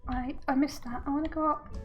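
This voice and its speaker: A woman's voice: sits high, steady tone, a little fast, soft background music. A woman streamer chatting casually while playing a game, chatty and self-mocking. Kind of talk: casual gameplay commentary.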